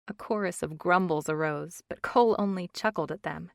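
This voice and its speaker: A woman reads an audiobook in an even, measured way. Her voice sits fairly low, and the sound is close-miked and dry. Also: gravelly, no echo. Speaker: audiobook narrator. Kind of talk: scripted narration.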